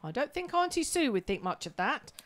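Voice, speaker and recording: A man's voice: very high-pitched, very animated, a little fast, a bit bright, pitched above the performer's own voice, full character voice. A man voicing his bossy older uncle, a no-nonsense builder who talks down to him. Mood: stern. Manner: stern, dismissive.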